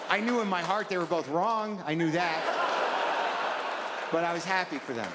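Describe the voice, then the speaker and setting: A middle-aged man doing a neurotic, rambling stand-up routine on a club stage, exasperated and prone to sudden shouted outbursts, with audience laughter behind him. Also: high voice, lively intonation, moderate pace, pauses often, over a noisy crowd. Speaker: stand-up comedian. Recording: live club recording with long reverb and noise.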